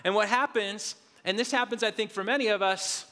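A man with a strikingly high voice preaches to his congregation as their pastor. His tone is bright and forceful, and he tells a personal story with animated swings from loud exclamations to quiet, searching questions. The sound carries the long reverb of a large church hall. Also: fairly quick.

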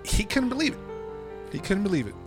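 Over music, a man with a high voice speaks briskly as he co-hosts a podcast. He retells a story casually, cursing freely and animatedly acting out what people said.

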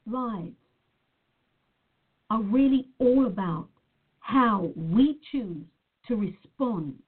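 A woman's voice: fairly high pitch, breathy edge. A woman giving a motivational talk as a life coach, earnest and emphatic, often repeating words. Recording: tinny phone-like sound.

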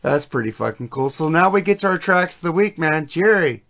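A man's voice: fairly high pitch, animated, brisk, gravelly, fairly bright tone. A man hosting a podcast, talking about songs in a casual, profane and enthusiastic way that rambles. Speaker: podcast host. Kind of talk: casual music chat.

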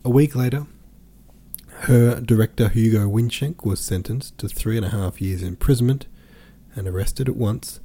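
A man reading a classic novel aloud as an audiobook, steady and measured. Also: on the low side. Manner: steady, measured, even storytelling. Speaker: podcast host and audiobook reader.

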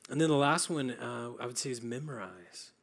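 A young man giving an earnest, practical sermon, often pausing with fillers and restarting his phrases. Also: mid-range voice, gravelly. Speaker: preacher.

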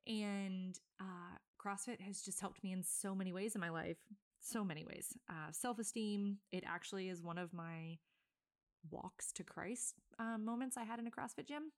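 A woman in her thirties hosts a casual solo podcast, rambling and correcting herself as she goes. She sounds a bit winded, and her pitch sits in a middle range. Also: moderate pace. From Virginia, USA. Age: 30s. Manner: chatty and rambling, many fillers and self-corrections. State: a bit out of breath. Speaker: podcast host.

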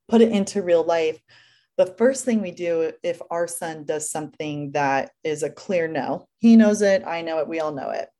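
A woman's voice: fairly low pitch, dark tone. A young woman, a working mother, explaining her family routine step by step in an earnest, casual interview chat. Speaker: guest mother.

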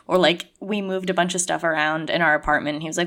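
A young adult woman chatting casually as a podcast co-host, acting out quoted lines with lively shifts in voice. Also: low voice, quick pace, hardly any pauses. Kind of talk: casual conversation.

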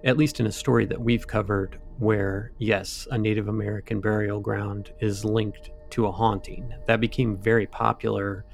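A man's voice: fairly low pitch, flat delivery, normal speed, gravelly, hardly any pauses, faint music behind. A man co-hosting a podcast, retelling a ghost story in a loose, rambling way with asides and fillers. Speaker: podcast co-host.

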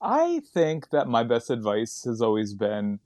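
A man's voice: medium pitch, huge pitch swings, a little slow, darkish tone, no echo. A man who does stand-up comedy, chatting casually on a podcast, rambling and laughing often as he digresses.

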